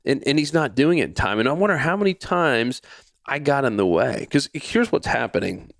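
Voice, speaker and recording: Lively storytelling man, dry close sound. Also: medium pitch, moderate pace, vocal fry, no echo. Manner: lively storyteller who acts out quoted lines and repeats himself. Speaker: podcast host. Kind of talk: personal storytelling with a faith lesson.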